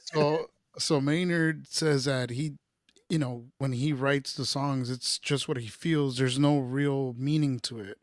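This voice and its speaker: A man co-hosting a podcast in a casual, relaxed chat, laughing easily. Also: medium pitch, a little slow, no echo, studio quality. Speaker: podcast co-host.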